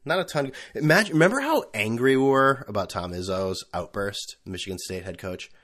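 A man's voice: fairly low pitch, lively intonation, brisk, a bit bright. A man hosting his own podcast, talking alone in a rambling, profane and sarcastic way. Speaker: podcast host. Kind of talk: casual solo chat.

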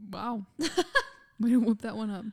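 A teenage girl chatting casually with a friend, asking quick questions and laughing mid-sentence. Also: on the high side, fairly even intonation, warm tone, no room sound, studio quality. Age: teens. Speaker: co-host. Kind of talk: casual chat. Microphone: microphone.

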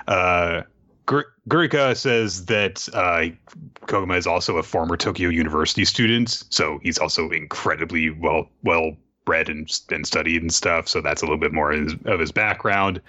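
A man's voice: deep voice, pushed and bright, highs cut off. A man hosting a podcast, recapping an anime episode in loose casual chat with lots of fillers and restarts. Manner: rambling, many fillers and restarts.

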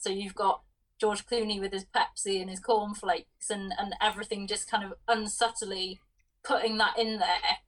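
A woman co-hosting a film podcast, sharing her thoughts casually and pausing to rework her phrasing. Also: mid-range voice, a bit bright, distant mic, poor audio. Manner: thoughtful, with hesitant restarts. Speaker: podcast co-host.

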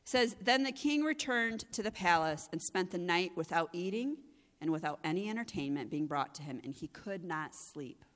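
A woman's voice: lowish voice, expressive, normal speed. A woman pastor giving a conversational sermon, growing emphatic and intense at moments. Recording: long hall reverb.

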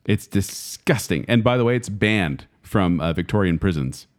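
A man co-hosting a casual podcast chat, dropping facts in a wry, deadpan way. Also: deep voice, normal speed. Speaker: podcast co-host.

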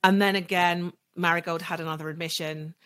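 Woman, forties, lowish voice; candid podcast guest, reflective storytelling, softens on hard memories. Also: steady tone, brisk. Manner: candid, reflective, voice dropping soft when recalling hard moments. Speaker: podcast guest, legal marketer.

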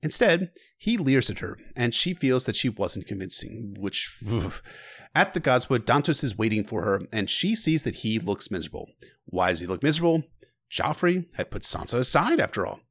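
Give me a lively man narrating a book recap with casual asides. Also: medium pitch, normal speed, no room sound.

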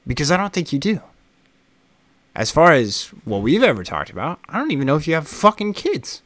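A man's voice: fairly high pitch, wildly swooping pitch, brisk, fairly bright tone, no room sound. A man co-hosting a casual podcast, ranting in a heated way and swearing freely. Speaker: podcast co-host.

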